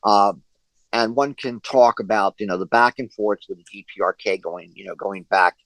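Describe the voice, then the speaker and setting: A man's voice: on the low side, moderate pace, a bit bright, dry recording, low-quality recording. A man leading an online discussion group over a video call, talking at length with many fillers and restarts.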